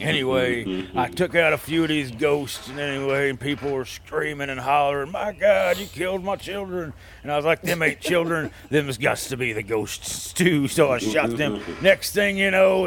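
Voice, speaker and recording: A man's voice: mid-range voice, natural voice. A man voicing a boastful old cowboy rock star with a put-on Southern drawl, telling rambling tall tales about hunting ghosts. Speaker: comedy guest character.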